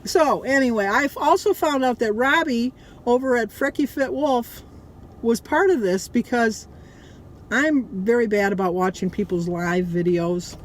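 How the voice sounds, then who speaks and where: A woman's voice: a little high, measured pace, poor audio. A woman in her sixties, talking in a rambling, heartfelt way as she vlogs from her car, tearful at times. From United States. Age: 60s. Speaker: vlogger. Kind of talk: emotional casual vlog. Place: in a car stopped in traffic. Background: traffic and outdoor noise.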